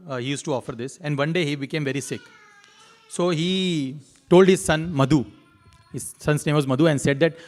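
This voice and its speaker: A man giving a devotional temple class, chanting verses and telling stories in an unhurried way, repeating his key lines. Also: mid-range voice.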